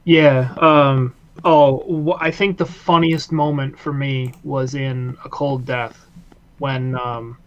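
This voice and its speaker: A man co-hosting a casual podcast chat, retelling scenes with laughs and lively energy. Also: medium pitch, slow, lo-fi sound. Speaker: podcast co-host.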